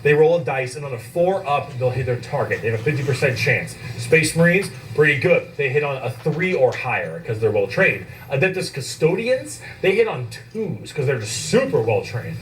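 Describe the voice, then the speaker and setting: A man's voice: mid-range voice, sing-song, normal speed, hardly any pauses, recorded from a distance, a little hiss or hum, rough recording. A man explaining things in a casual, enthusiastic way. He swears freely and repeats himself for comic effect.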